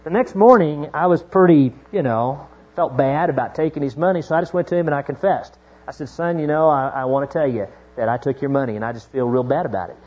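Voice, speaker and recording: A middle-aged male pastor preaching a sermon, moving from hushed storytelling to fervent exhortation. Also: on the high side, fast talker. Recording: dull lo-fi recording.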